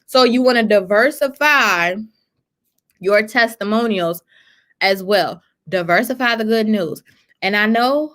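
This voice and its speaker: A woman's voice: mid-range voice, a little slow, a bit bright. A woman coaching on business marketing in a casual, emphatic way, often repeating words as she gets worked up. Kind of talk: casual business advice talk.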